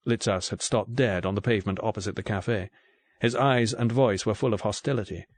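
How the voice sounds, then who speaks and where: A man reading an audiobook novel in steady scripted narration. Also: fairly low pitch, normal speed, dry recording.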